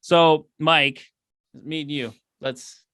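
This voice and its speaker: A man's voice: fairly high pitch, fairly even intonation, extremely slow, pushed and bright, clean tone, dry recording. A man hosting a podcast in casual chat, easygoing and steering the talk back on task. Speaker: podcast host.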